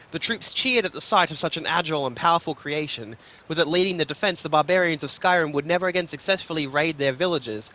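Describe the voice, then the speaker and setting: A man reads fantasy lore aloud, expressive and rhythmic, giving each line a clear shape. His voice is bright and forceful, set a touch high. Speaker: lore reader. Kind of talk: scripted fantasy story reading.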